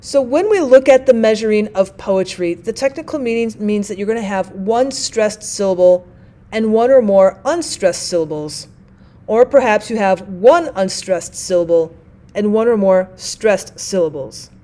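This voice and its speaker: A woman's voice: mid-range voice, lively intonation, dark tone. A woman teaching a lesson in a methodical, explanatory way. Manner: methodical, reads examples slowly. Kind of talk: explanatory lecture.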